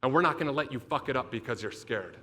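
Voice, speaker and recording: A man voicing a furious, intense head football coach who speaks low and sternly and swears. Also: animated, fast, sharp tone.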